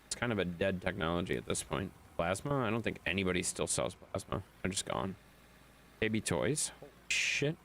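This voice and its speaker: A man's voice: deep voice, sing-song, fairly quick, vocal fry, a bit bright, a little hiss or hum. A man streaming a game, chatting loosely with viewers, swearing and laughing often. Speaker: gaming streamer. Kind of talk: casual chat while playing.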